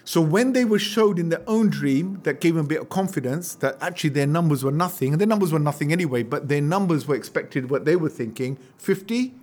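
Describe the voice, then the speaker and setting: A man teaching an Islamic history lesson as an animated storyteller, acting out quotes and throwing rhetorical questions at his listeners. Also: fairly high pitch, brisk, few pauses. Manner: asks the audience rhetorical questions. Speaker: religious teacher.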